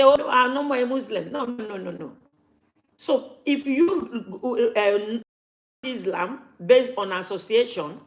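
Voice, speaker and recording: Emphatic woman vlogging. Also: on the high side. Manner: emphatic, repeats points for stress. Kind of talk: casual talk to camera.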